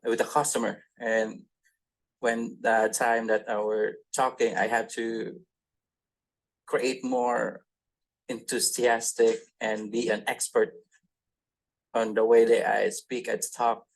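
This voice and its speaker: A sales trainee answering his trainer in a halting way, searching for words as he goes. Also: mid-range voice, level tone, vocal fry, low-quality recording.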